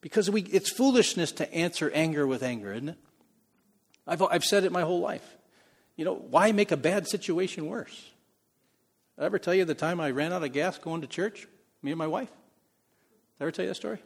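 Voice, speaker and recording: A man preaching a sermon as pastor, in a conversational style with frequent laughs, moving between soft and loud passages. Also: fairly high pitch, a little fast, long pauses, long reverb tail.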